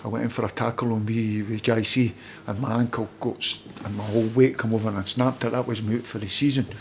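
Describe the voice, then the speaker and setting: A middle-aged Scottish man, a former footballer, telling lively stories in casual chat as a podcast guest and acting out other people's lines. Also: on the low side, fast talker, a little hiss or hum. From Scotland. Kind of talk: casual anecdotal storytelling.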